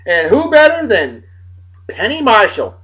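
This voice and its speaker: Loud excitable New man. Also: sits high, unhurried, rough recording. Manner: loud, excitable, swears and jokes, swings from shouting to muttering. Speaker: host of a daily beer and song show. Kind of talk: rowdy casual show hosting.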